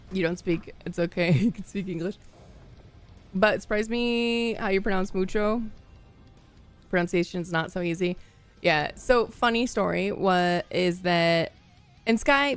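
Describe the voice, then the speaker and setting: A woman's voice: mid-range voice, clean tone. A young woman from the Midwest chatting casually with her stream viewers, rambling through stories, laughing often and greeting people as they come in. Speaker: livestream gamer.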